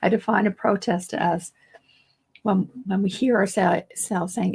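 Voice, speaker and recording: A woman therapist giving a casual solo talk, reassuring and thinking aloud, hoarse because she is losing her voice. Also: mid-range voice, a little slow. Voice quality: gravelly, husky. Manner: warm-hearted, reassuring, thinks aloud with restarts. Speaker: therapist and teacher.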